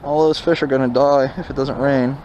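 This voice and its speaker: A man's voice: mid-range voice, fairly even intonation, a little fast, a little mellow, lo-fi sound. A young man telling a personal story in a casual, candid, wry way while out on a motorcycle ride. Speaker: motovlogger. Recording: noisy outdoor wind and vehicle noise.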